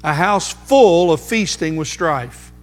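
A man preaching a sermon, emphatic, slowing down to repeat key phrases for weight. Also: fairly high pitch, lively intonation. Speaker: pastor. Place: church sanctuary. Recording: music under voice, long hall reverb.

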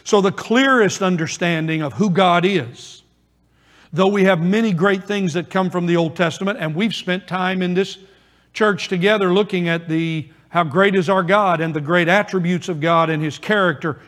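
A man preaching a sermon as pastor, earnest and emphatic, with pauses for weight. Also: sits high, fairly bright tone. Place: church. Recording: long reverb of a church hall.

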